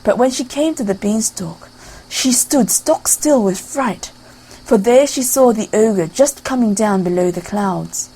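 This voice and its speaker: A woman narrating a classic fairy tale aloud in a lively storybook reading style. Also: a little high, a little slow, husky, poor audio.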